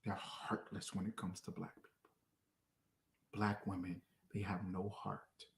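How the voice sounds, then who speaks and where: A man preaching fiercely, swinging between shouts and low, muttered lines. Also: little pitch movement, a little slow, gravelly, echoey room. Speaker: street preacher. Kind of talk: fiery street preaching.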